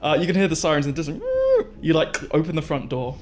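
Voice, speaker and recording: A man's voice: a little high, fast talker. A man running a tabletop horror game as game master, narrating scenes and voicing police officers with many fillers and restarts.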